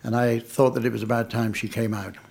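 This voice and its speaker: A man's voice: mid-range voice, flat delivery, brisk, gravelly, a little mellow, husky. An older man from England telling family anecdotes to an audience in a dry, wry, understated way. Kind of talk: anecdotal storytelling talk.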